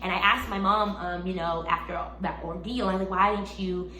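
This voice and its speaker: A young woman telling a storytime testimony in an animated way, repeating phrases and rising into exclamations. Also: lowish voice, fairly quick. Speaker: vlogger. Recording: echoey room, faint background hum.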